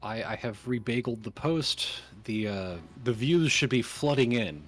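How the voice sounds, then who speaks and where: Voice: mid-range voice, animated, moderate pace, faint music behind. A co-host chatting casually on a stream, dry and teasing.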